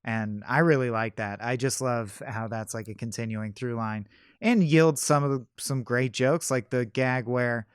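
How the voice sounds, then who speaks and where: Smooth-voiced man, keen film chat. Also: mid-range voice, unhurried, dry recording, clean studio sound. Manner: enthusiastic, acts out quoted dialogue. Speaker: podcast co-host. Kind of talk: casual film discussion.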